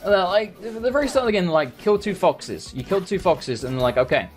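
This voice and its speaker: A man's voice: high voice, very animated, brisk, soft background music. A man giving casual gameplay commentary as a let's play host, rambling and ranting with sarcasm and plenty of swearing.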